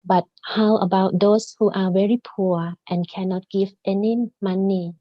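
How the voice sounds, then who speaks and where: A woman moderating a video call, reading out audience questions slowly and formally. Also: mid-range voice, fairly even intonation, dry recording, lo-fi sound.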